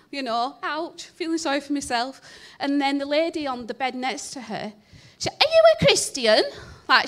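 Lady telling her church story, chatty, bit self-deprecating, kinda high voice. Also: fairly bright tone. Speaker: church member sharing a testimony. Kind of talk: personal testimony to a congregation.

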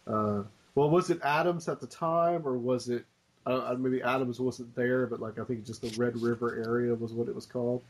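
A man hosts a podcast and asks casual, hesitant questions with lots of fillers. His voice is husky, at a middle pitch. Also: fairly even intonation, normal speed, poor audio. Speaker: podcast host.

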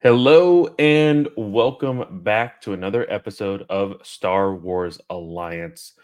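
Guy hosting a podcast, kinda low voice, rambles with lots of ums. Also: takes it slowly, a little mellow. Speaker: podcast host. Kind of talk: casual podcast chat.

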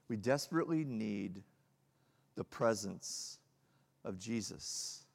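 A male pastor preaching a sermon, swinging from loud emphatic peaks to hushed, low lines. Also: creaky. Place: church hall. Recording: long hall reverb.

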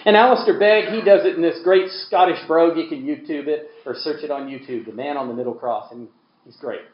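Emphatic preacher in an echoey hall. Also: male voice, fairly high pitch, fairly quick, dull audio. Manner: emphatic, swings from quiet to loud. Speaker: pastor. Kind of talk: sermon.

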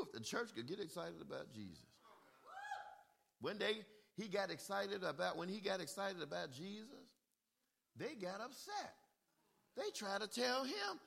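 A male preacher delivering a sermon, calling for "amen" and swinging from quiet talk into shouted bursts. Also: high-pitched, animated, unhurried, vocal fry, pauses often.

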